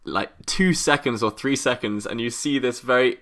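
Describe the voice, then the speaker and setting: A young man from Britain co-hosts a comedy podcast, telling anecdotes in a loose, rambling way. His voice is bright and forward, and his pitch sits in the middle of the male range. He often pokes fun at himself. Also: moderate pace. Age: young adult. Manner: rambling, self-mocking storyteller. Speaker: podcast co-host. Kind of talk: casual comedic chat.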